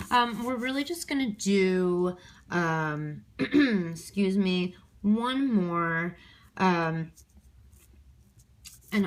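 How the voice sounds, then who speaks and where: A woman's voice: lowish voice, a little hiss or hum. A woman teacher recording an extra help lesson on her handheld phone, thinking aloud step by step with many ums and okays.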